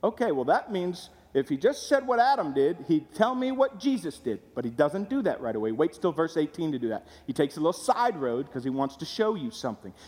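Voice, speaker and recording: Man preaching, high voice, lively pitch, conversational, asks the crowd questions, long hall echo. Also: fairly quick, hardly any pauses. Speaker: pastor. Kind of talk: sermon.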